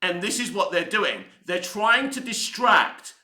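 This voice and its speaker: A man in a furious, foul-mouthed rant, his voice pitched high and cutting bright. He is getting hoarse, and the room around him rings with echo. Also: big pitch swings, measured pace. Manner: heated, sweary, ranting. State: voice going hoarse. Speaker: online commentary host. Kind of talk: angry opinion rant.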